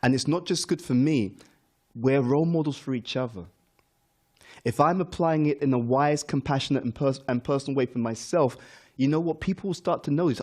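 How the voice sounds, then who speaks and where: A man's voice: medium pitch, fairly quick, a little mellow. A middle-aged man giving a morning spiritual class, earnest, repeating key words for emphasis. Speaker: spiritual teacher. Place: temple class room.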